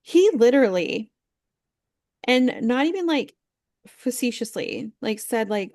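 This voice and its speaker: A woman's voice: fairly high pitch, a little slow, no echo, studio quality. A young woman co-hosting a podcast, chatting casually about reality TV and acting out people's quotes in a run of "like"s. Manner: chatty, animated, acts out quotes with lots of "like". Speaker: podcast co-host. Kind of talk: casual chat recapping reality TV.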